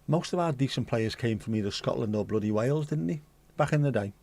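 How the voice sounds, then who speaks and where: Man, livestream host, mid-pitched voice, loose banter with a cheeky edge, reads items out casually. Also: lively intonation, quick pace, darkish tone. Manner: chatty, joking banter with mild swearing; reads news excerpts aloud conversationally. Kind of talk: casual pub-style chat.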